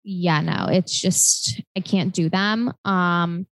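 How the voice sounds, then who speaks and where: A woman's voice: lowish voice, slow, creaky, no room sound, low-quality recording. A young woman co-hosting a podcast, chatting casually and loosely with lots of filler words. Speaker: podcast co-host. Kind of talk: casual chat.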